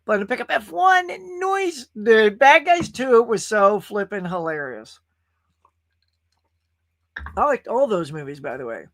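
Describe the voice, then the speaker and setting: A man's voice: high-pitched, sing-song, measured pace, long pauses, fairly bright tone, no echo. Man, host, casual live-stream chat, rambling and chatty, dry close sound. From California. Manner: rambling, chatty, reads viewer chat aloud. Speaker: podcast host.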